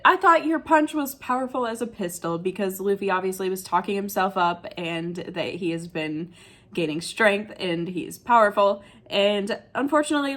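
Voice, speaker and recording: A woman recapping a manga chapter in casual chat, chatty and emotional, saying "like" often. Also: fairly low pitch. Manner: chatty and emotional, says "like" a lot.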